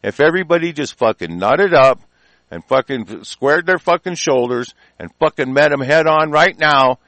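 A heated, profane man from the United States tears into his targets in an angry rant. His voice sits fairly high for a man, and the sound is close and dry with no room around it. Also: lively intonation, moderate pace, fairly bright tone, dry recording.

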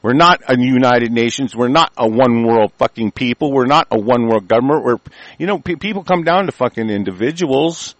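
A man's voice: mid-range voice, lively intonation, a little fast, no room sound. A man hosting a talk show, ranting angrily with heavy swearing and stumbling restarts. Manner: angry, heavily profane, stumbling restarts. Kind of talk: profane political rant. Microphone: conference call line.

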